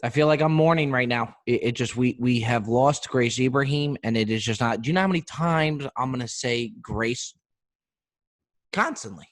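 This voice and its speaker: A male podcast host delivers an animated comedic monologue. He riffs from one bit to the next and keeps turning to his listeners with asides. His voice sits at a mid pitch.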